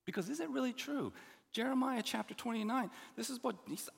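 A middle-aged man preaching a sermon as pastor, earnest and animated, with many restarts and asides. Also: very high-pitched, brisk, creaky, husky. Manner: animated, earnest, with frequent restarts and "you know". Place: church sanctuary. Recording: long hall reverb.

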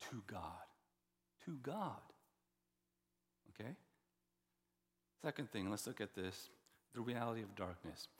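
A pastor preaching a sermon, expressive, often dropping to a hushed voice for emphasis. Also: male voice, high voice. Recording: long reverb of a large hall.

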